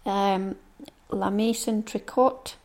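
A woman's voice: medium pitch, steady tone, slow, a little mellow. A middle-aged woman, hosting her own podcast in a chatty, rambling monologue and reading through a long list. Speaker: knitting podcast host. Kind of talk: casual monologue.

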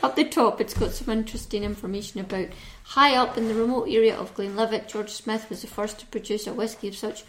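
A woman's voice: medium pitch, fairly even intonation, quick pace, few pauses, slight background noise. Chatty woman reading a label. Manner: reads label aloud, teasing and chatty. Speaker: whisky reviewer. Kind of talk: casual review chat.

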